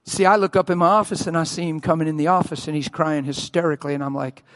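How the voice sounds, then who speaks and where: A man preaching a sermon as a pastor, telling a story and acting out the quotes with loud cries. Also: steady tone, fast talker. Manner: acts out quotes, shouting and wailing at high peaks. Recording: long hall reverb.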